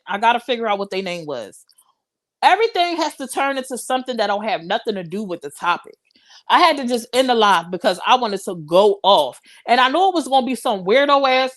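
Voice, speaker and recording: A young woman hosts a live stream and talks straight to her viewers. She sounds impassioned and a little preachy, in casual commentary. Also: on the high side.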